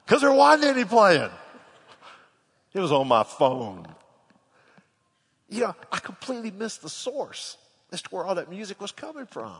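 A man preaching a sermon, telling a funny personal story with lively animation before turning to scripture. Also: very high voice, measured pace, husky. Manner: animated storyteller, laughs through the tale. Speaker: pastor. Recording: long echo of a large hall.

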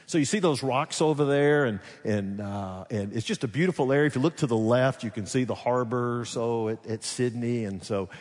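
Southern alabama preacher guy, storytelling sermon, loud then hushed, long hall reverb. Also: medium pitch, moderate pace, hardly any pauses. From Alabama, USA. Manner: conversational storytelling, swings between loud and hushed. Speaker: pastor. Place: large church sanctuary.

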